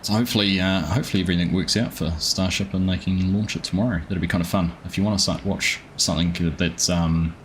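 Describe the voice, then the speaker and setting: A man's voice: sits low, steady tone, fast, hardly any pauses, slight background noise. A man streaming a farming game live, chatting easily and greeting viewers by name with plenty of ums.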